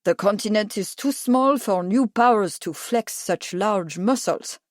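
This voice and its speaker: A woman's voice: medium pitch, unhurried, no room sound, natural voice. A woman reading the lines of a wry, cigar-smoking French army captain. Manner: wry, dry.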